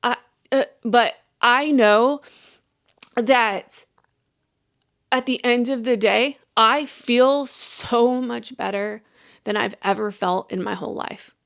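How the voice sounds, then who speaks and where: A woman's voice: on the high side, slow pace, vocal fry, fairly bright tone, no echo, studio quality. A young adult woman hosting a podcast, talking candidly and earnestly, rambling with restarts and acted-out self-talk. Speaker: podcast host.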